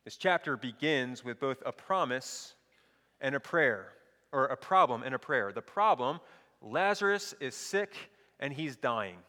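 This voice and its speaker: A man's voice: mid-range voice, expressive, measured pace, bright, forceful tone, in a large hall. A male pastor reading scripture aloud and preaching a sermon, asking the listeners rhetorical questions.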